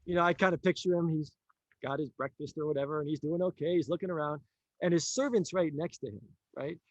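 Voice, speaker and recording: A man telling a story in a casual conversation, animated, acting out the lines of the people in it and laughing often. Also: a little high, fast, no echo, dull audio. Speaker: author and teacher.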